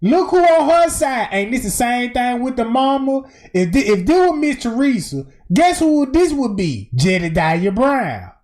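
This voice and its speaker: A man giving animated, slangy commentary on a clip during a livestream, exclaiming and cutting in. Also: very high voice, measured pace, few pauses. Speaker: stream host reacting to a clip.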